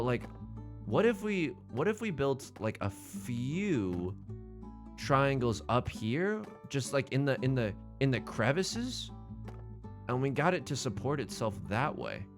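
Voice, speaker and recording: A man streaming a building game live, thinking aloud in an excitable, joking way and swearing at his own designs. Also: medium pitch, measured pace, music in the background. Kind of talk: live gameplay commentary.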